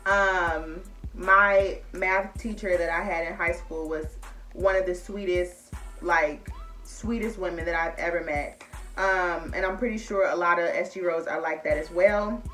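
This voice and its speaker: A woman's voice: lowish voice, steady tone, a little slow, sharp tone, faint music behind. A young woman, chatting casually and emotionally to her viewers as y'all. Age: young adult. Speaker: vlogger. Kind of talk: casual chat to camera.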